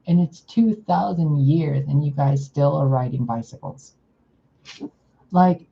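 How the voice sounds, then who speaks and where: A gravelly, unhurried voice of a spiritual channeler. It talks bluntly and sounds exasperated, dropping casual swears into a channeled message monologue. The recording is dull and lo-fi. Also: medium pitch, mellow.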